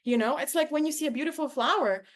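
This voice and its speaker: High-voiced and fast-talking, a young woman hosts her podcast and tells a personal story. Her style is effusive, heavy on "like," with quoted voices acted out.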